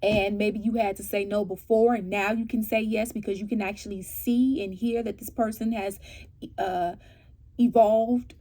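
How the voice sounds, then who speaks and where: A woman giving a casual tarot reading to her viewers. She asks animated rhetorical questions and keeps checking in with "right?" and "okay?". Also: mid-range voice, moderate pace. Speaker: tarot reader.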